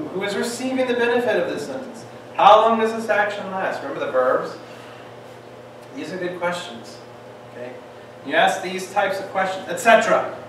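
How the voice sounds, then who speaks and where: Guy teaching bible class, kinda high voice, jokey, lots of questions, far off mic in a boomy room. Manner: lively, joking, fires off rhetorical questions. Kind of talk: classroom lecture. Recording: echoey room, distant mic, faint hiss.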